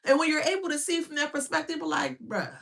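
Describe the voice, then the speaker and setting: A woman with a high-pitched, gravelly voice talks fast while giving a casual spiritual reading. She's animated, blunt, and mocking, with lots of slang and laughter.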